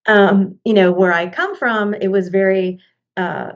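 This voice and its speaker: A middle-aged woman hosts a casual podcast chat as a book coach. She talks at a medium pitch, in a chatty, rambling way, and often drifts off on tangents before finding her point again. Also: unhurried, highs cut off.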